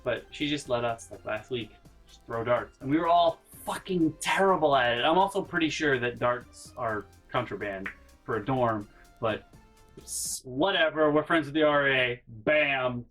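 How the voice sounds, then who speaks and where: A young man vlogging college dorm stories in an animated way, acting out voices and sound effects and swearing casually. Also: medium pitch, moderate pace, faint music behind. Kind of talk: casual storytelling vlog.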